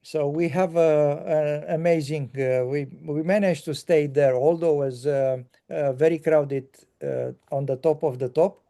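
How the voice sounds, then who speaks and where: An older man from Romania, recounting a tour in casual conversation, halting with many fillers and restarts. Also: a little high, steady tone, gravelly, dark tone.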